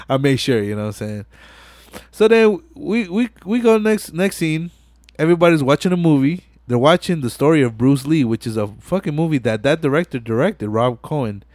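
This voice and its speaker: A podcast host casually recaps a movie scene by scene, swearing a lot and acting out the characters' lines in an animated retelling. His voice is fairly high, and the recording is studio quality with no echo.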